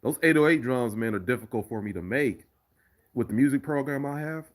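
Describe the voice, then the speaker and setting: A man's voice: medium pitch, expressive, brisk. A man hosting a casual live stream, chatting loosely with viewers about fights and his remixes, often restarting sentences. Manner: rambling, conversational, restarts often. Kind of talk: casual live chat reading viewer comments.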